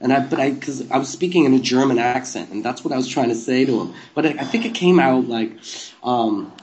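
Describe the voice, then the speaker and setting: A man at a middle pitch tells a long story in a loose, rambling style. He laughs often, swears freely and keeps adding "like" and "you know." He sounds like a guest swapping stories in a relaxed chat. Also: brisk. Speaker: guest, former live TV presenter.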